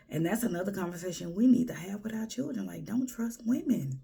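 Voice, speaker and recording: A woman's voice: medium pitch, expressive, moderate pace, gravelly, long pauses, warm tone, breathy edge. A woman from Houston, giving blunt, sassy advice in a casual monologue and often dropping to a whisper. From Houston, Texas. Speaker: vlogger.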